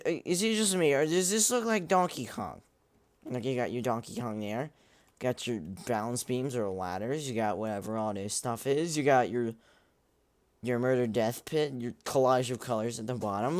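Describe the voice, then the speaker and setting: A man's voice: medium pitch, expressive, normal speed. A young man rambling through casual gameplay commentary, goofy and self-mocking, with many restarts and asides. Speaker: gaming vlogger.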